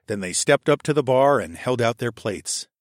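A man narrating a first-person story in a steady, even reading voice on a close mic. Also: medium pitch, moderate pace, no echo. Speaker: audiobook narrator.

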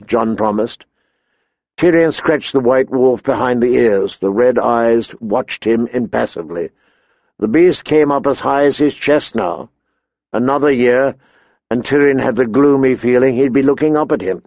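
A man narrating a story in a measured, even reading, in a dull lo-fi recording. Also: medium pitch, dry recording. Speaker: audiobook narrator. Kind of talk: scripted narration.

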